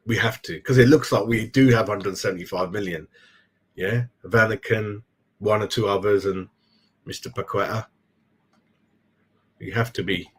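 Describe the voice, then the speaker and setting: The speaker is a middle-aged man hosting a fan channel, chatting away on a live stream and saying "mate" to everyone a lot. He has a lowish voice with a breathy edge.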